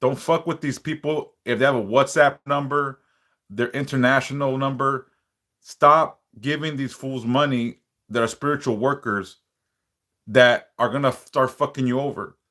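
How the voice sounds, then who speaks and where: Blunt, cussing male livestream host, casual chat with viewers, mid-range pitch. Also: fairly even intonation, moderate pace, bright, forceful tone. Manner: blunt, profane, warning viewers. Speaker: livestream host, spiritual worker.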